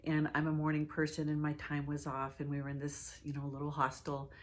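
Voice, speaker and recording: A middle-aged woman, a hospice nurse, telling a personal story in a reflective, halting way with many fillers and restarts. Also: low voice, monotone.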